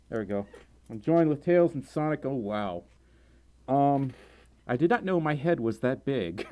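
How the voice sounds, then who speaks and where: A man hosting a casual livestream, excitable and giggly, breaking into sudden high squeals. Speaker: livestream host.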